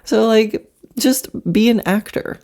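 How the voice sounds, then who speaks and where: A middle-aged woman hosting a solo podcast about horse training, chatty and animated. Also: on the high side. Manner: chatty, animated, slips into quick mock demos.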